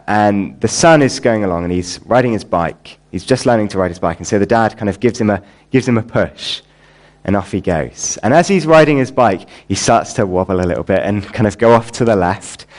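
A man preaching in a church, praying and then explaining a passage, building to earnest emphasis on key lines. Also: medium pitch. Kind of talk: sermon with prayer.

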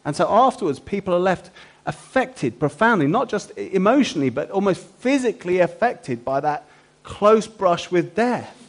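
Guy preaching, bit of a higher voice, keeps asking the room questions. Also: big pitch swings, moderate pace. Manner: asks the listeners many rhetorical questions. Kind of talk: sermon.

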